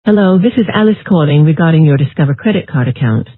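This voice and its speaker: Woman, automated voice, flat, robotic, tinny phone line, dry. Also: low-pitched, fast talker, no room sound. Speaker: automated scam call.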